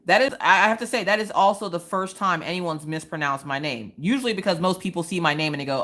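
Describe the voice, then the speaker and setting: A woman hosting a casual crafting livestream, telling stories in an animated, slangy way and talking straight to her chat. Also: on the low side, quick pace, hardly any pauses. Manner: animated storytelling, quotes people in different voices. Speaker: livestream host.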